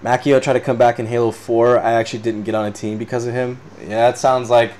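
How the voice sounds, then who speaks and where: A man's voice: mid-range voice, little pitch movement, quick pace, a little mellow. A man in his twenties hosting a podcast, chatting casually without a script, rambling and swearing freely while laughing often. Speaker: podcast host. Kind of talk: unscripted casual chat reading live comments.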